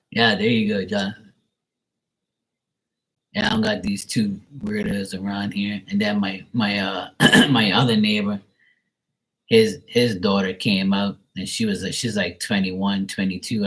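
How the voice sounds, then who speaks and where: Deep voiced guy on a tarot livestream, blunt, cussing, ranting casually. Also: steady tone, slow, long pauses, a bit bright, low-quality recording. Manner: blunt, profane, ranting with chuckles.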